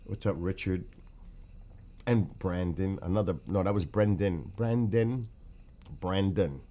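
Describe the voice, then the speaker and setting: This is a man from New York with a clear New York accent and a very low voice. He rambles in a loose, friendly way through his morning livestream, greeting viewers by name as he goes. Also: steady tone, unhurried, dark tone. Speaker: livestream host. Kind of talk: casual morning livestream chat.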